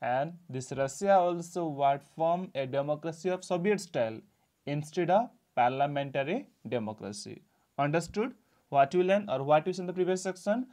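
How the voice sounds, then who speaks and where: A man's voice: fairly high pitch, darkish tone. A male teacher gives a classroom lecture, explaining a textbook sentence by sentence. He repeats each point and asks rhetorical questions to check understanding.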